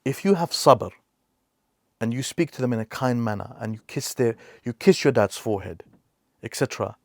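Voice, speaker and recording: A man's voice: medium pitch, no room sound. A man hosting a reaction video, giving earnest advice in an emphatic way and repeating key phrases for stress.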